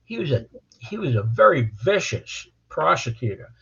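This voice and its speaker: A man's voice: a little high, sing-song, normal speed, vocal fry, fairly bright tone, breathy edge. An older man, a criminal defense lawyer, telling stories bluntly in an interview, often repeating words as he starts a sentence. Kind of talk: storytelling interview. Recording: dull lo-fi audio.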